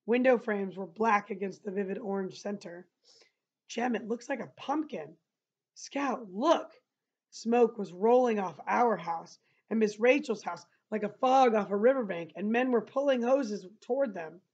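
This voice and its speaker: A woman teacher reading a novel aloud and pausing to explain passages to her listeners. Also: mid-range voice, darkish tone. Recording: dull lo-fi recording.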